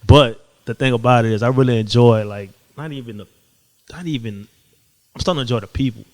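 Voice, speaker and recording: A man with a New Orleans accent, a podcast guest talking in a loose, animated, slangy way with swearing. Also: medium pitch, fairly quick. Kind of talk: casual chat.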